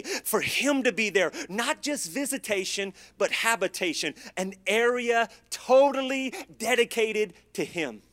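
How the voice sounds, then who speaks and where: A middle-aged man preaching with a notably high voice. His delivery is folksy and conversational, full of homely stories and call-and-response lines for the congregation. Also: fairly bright tone. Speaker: pastor. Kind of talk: sermon.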